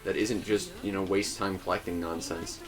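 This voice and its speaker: Low-voiced young man chatting over gameplay. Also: fairly even intonation, normal speed, soft background music. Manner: laughs often, rambling with restarts. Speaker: let's play host. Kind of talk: casual gaming chat.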